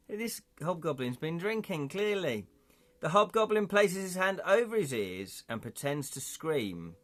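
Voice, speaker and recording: A man's voice: fairly high pitch, sing-song, measured pace. A man hosting a live stream, reading a gamebook aloud and chatting with viewers, laughing often. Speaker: livestream host reading a gamebook.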